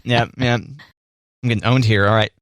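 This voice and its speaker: A man's voice: mid-range voice, steady tone, unhurried, dry recording, clean studio sound. A man co-hosting a podcast, chatting casually and joking at his own expense. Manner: easygoing, self-deprecating, many fillers and restarts. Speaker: podcast co-host. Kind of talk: casual chat.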